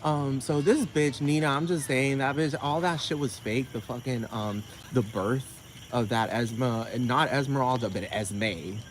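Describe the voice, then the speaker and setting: A man ranting casually to camera as a vlogger, rambling and profane, often asking if you know what he's talking about, with his pitch shooting up when he gets riled. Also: steady tone, normal speed, a little hiss or hum, poor audio.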